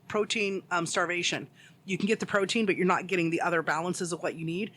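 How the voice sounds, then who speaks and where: Casual podcast co-host, male, high and bright, rambling storyteller. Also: steady tone, fast. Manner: rambling storyteller, heavy use of "like". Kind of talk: casual chat.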